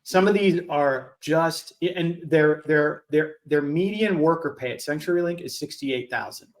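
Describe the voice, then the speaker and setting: Complaining man co-host, fairly high voice. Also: a little slow, soft background music. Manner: complaining, repeats his points. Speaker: podcast co-host. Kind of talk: casual chat.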